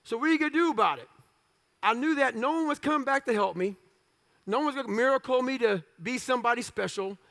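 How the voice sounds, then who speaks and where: High, gravelly, blunt-talking man. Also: pushed and bright. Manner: blunt, profane, punchy short phrases. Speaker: motivational speaker. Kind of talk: storytelling talk.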